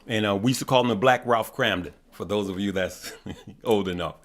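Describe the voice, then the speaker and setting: A man's voice: lowish voice, brisk. Preachy middle-aged man. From West Side of Chicago. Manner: preachy, repetitive, folksy storytelling. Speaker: stock market channel host. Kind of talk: impassioned livestream talk.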